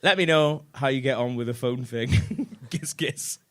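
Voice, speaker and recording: A man's voice: mid-range voice, unhurried. A man hosting a live comedy podcast, telling a story and reading out messages in mock voices while laughing often. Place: theatre stage before a live audience.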